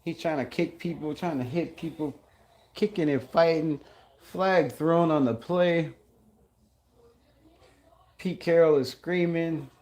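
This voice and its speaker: A man hosting a live game-watch stream, excitable and blunt, calling plays, griping about flags and greeting chat viewers. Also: on the high side, slow pace, long pauses. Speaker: livestream host.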